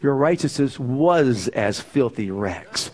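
A man preaching a sermon, firing off rhetorical questions and swinging from fervent exclamations down to low, quiet lines. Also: lively intonation. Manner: rising to fervent exclamations, then dropping low; asks the audience rapid rhetorical questions.

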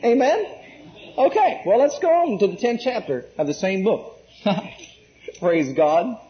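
A man's voice: high voice, sing-song, takes it slowly, a little hiss or hum. A man preaching an emphatic sermon, asking the congregation questions and repeating key words. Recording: muffled lo-fi recording.

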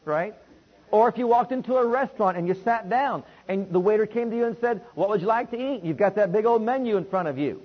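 A man preaching a sermon to a congregation, calling for responses and swinging between loud and hushed delivery. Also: high voice, fairly quick, husky. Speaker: pastor. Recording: dull lo-fi recording.

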